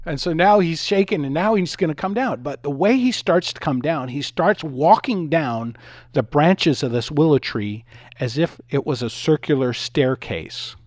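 A middle-aged male radio host tells stories in a lively, sing-song voice that sits a little high for a man. The studio sound is dry, with faint music underneath. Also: moderate pace, dry recording. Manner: animated, acts out voices in anecdotes. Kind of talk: talk radio monologue with storytelling.

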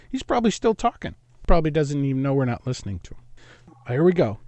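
Animated high-voiced talk radio host. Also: male voice, fast, dry recording. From East Los Angeles. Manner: animated, rambling, jumps between topics. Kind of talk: call-in talk radio show.

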